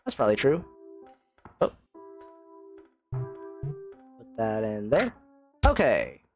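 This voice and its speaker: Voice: mid-range voice, wildly swooping pitch, takes it slowly. A young adult game streamer in casual let's-play chat, self-mocking, often stammering and swearing. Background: faint game music.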